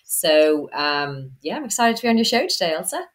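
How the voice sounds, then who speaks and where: Irish woman guest, Dublin accent, low-pitched, chatty storyteller, laughs easily. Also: sing-song, a little fast. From Ireland. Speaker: guest, marketing business owner. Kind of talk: casual interview chat.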